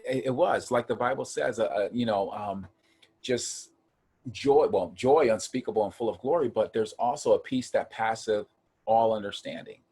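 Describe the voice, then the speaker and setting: Husky low-voiced man sharing his story. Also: moderate pace. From Ohio. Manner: earnest, animated when acting out quotes. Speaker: guest. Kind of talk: casual testimony chat.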